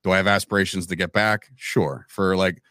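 A man's voice: deep voice, fairly quick, dry recording, clean studio sound. A man, a podcast guest telling his own stories in casual chat and acting out the voices of people he quotes. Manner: animated storytelling, acts out quoted voices. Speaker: podcast guest, wrestling commentator.

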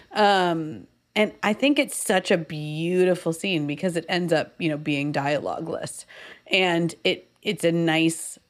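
Low-voiced woman chatting casually. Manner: thinks aloud with fillers and restarts. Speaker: podcast co-host. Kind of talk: casual chat about screenwriting.

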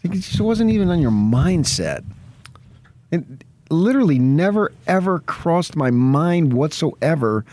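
A man's voice: fairly high pitch, very animated, a little slow, a little mellow, slight background noise. A man co-hosting a sports radio show, talking in a reflective, conversational way. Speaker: radio co-host. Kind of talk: casual radio chat.

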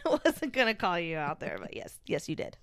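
A woman's voice: fairly low pitch, big pitch swings, brisk, a bit bright, smooth, no echo. A young adult woman co-hosting a podcast, chatting casually and laughing between remarks as she presents her research. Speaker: podcast co-host.

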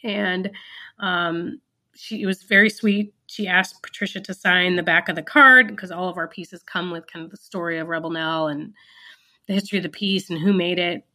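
Woman founder chatting in an interview, bright tone, earnest and reflective, keeps restarting sentences. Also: fairly low pitch, fairly even intonation, normal speed. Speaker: business founder guest. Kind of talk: storytelling interview answer.

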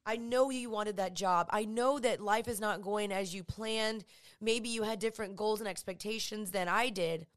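A woman voicing Jesus as a gentle, comforting man who speaks softly and reassuringly. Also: mid-range voice, fairly even intonation, moderate pace, natural voice. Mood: tender. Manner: soft, tender, reassuring.

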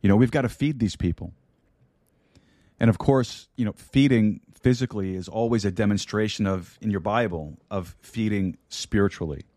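A man delivers a podcast sermon in a low, warm voice, earnest and deliberate. He circles back to key phrases to press them home. The studio microphone gives a close, dry sound. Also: dry recording. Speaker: pastor. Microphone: studio microphone with mute button.

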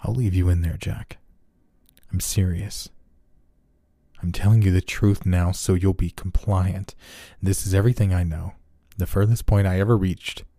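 Man doing a clinical, manipulative doctor for a horror reading: very low, mellow, level-headed. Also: steady tone, normal speed, dry recording. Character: cold, secretive male doctor running experiments.

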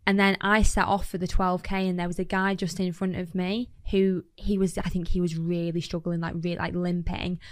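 A woman's voice: on the low side, normal speed, few pauses, dry recording, studio quality. Chatty woman telling a story. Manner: chatty, animated, lots of fillers. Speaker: podcast guest. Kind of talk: casual storytelling chat.

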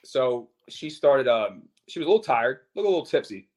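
A man's voice: mid-range voice, big pitch swings, normal speed, darkish tone. A man co-hosting a radio show, animatedly telling a story and swearing freely. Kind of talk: casual radio banter, storytelling.

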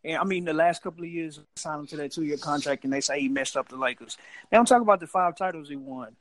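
A man in casual sports chat on a podcast, making his points in a measured way and weighing both sides. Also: fairly high pitch, fairly bright tone, no room sound, low-quality recording.

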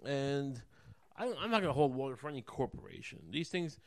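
A man's voice: mid-range voice, very animated, brisk, vocal fry, darkish tone, no echo, clean studio sound. A man ranting alone as a podcast host, rambling and swearing often, heating up as he goes. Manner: profane, rambling, heated. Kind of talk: rambling solo rant.

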